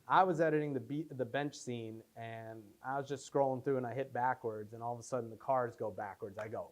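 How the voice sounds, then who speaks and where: A man's voice: mid-range voice, a little fast, hardly any pauses. A young man answering audience questions after a film screening, telling stories with lots of fillers and restarts. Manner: rambling, animated storytelling with many fillers. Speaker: filmmaker at Q&A. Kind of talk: casual post-screening Q&A.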